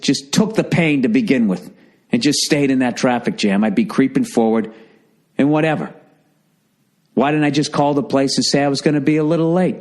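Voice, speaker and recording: A middle-aged man hosting a podcast, telling a comic story in a profane, exasperated rant with a Boston accent. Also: medium pitch. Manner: profane, exasperated, animated ranting. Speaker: podcast host.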